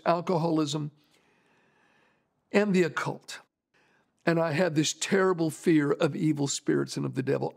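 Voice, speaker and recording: A man's voice: fairly high pitch, creaky. A male pastor preaching a storytelling sermon, repeating phrases for emphasis.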